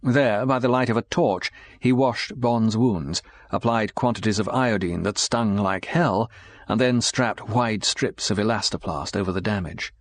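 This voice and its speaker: A man giving a measured, scripted audiobook narration. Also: on the low side.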